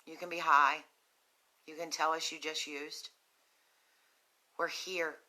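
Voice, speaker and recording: Though sick with a cough and holding a cough drop in her mouth, a West Virginian woman hosts a recovery nonprofit's live video from her phone. Her tone is low, steady, bright and clear as she earnestly and gently addresses viewers struggling with addiction, slowly, with many ums.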